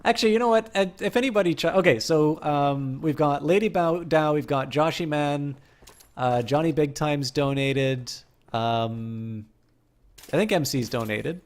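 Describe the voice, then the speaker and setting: A man's voice: a little high, measured pace. A man streaming a game, chatting casually with viewers in a rambling way full of fillers.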